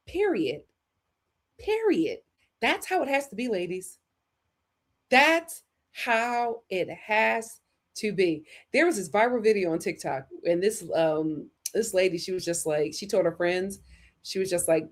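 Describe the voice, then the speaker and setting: A woman's voice: medium pitch, expressive, moderate pace. A woman hosts a livestream chat. She talks with sass and emphasis and often repeats her punchlines for effect. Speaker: host.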